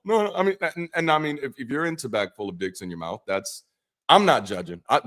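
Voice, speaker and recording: A man's voice: mid-range voice, animated, fairly quick, a bit bright. A man, an ex-pastor, hosting a Bible study livestream as a loose casual chat, joking and cursing, with frequent repeats and restarts. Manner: loose, profane, joking asides; repeats words and restarts often.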